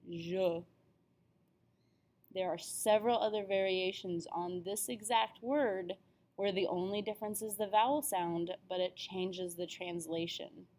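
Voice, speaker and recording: A woman's voice: mid-range voice, darkish tone. A young adult woman teaching an introductory language lesson, upbeat and careful over pronunciation. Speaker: French teacher. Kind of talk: classroom lesson video.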